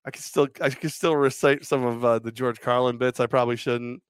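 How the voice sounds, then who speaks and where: A man's voice: mid-range voice, steady tone, brisk, clean tone, dry recording. A man co-hosting a casual sports podcast, joking crudely and rambling through stories. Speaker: podcast co-host.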